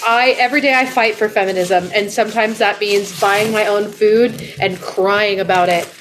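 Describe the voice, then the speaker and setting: A woman's voice: mid-range voice, fairly even intonation, moderate pace, fairly bright tone, a little hiss or hum, low-quality recording. A woman co-hosting a podcast in casual comedic chat, playful and self-mocking. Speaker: podcast co-host.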